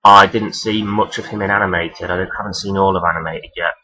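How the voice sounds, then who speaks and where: A man talking casually and rambling as he counts down his favourite characters, swearing freely and filling pauses with "um". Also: low voice, fairly even intonation, pushed and bright, low-quality recording. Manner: rambling, profane, many fillers. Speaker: vlogger ranking toy robot characters. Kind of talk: casual unscripted countdown talk.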